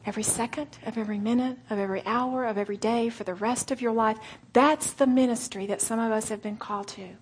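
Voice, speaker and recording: A woman teaching a sermon, telling stories with animated delivery and dropping into near-whispers for emphasis. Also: on the high side, fast, slightly rough. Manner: animated storytelling, acting out quotes, dropping to a whisper. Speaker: Bible teacher. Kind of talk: sermon to a women's audience.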